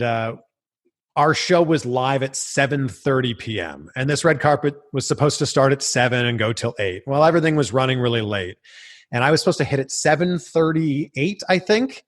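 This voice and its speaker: Guest interviewer, man, 30s, animated storyteller, lively pitch. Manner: animated, quick anecdotes with acted quotes. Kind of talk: casual storytelling chat.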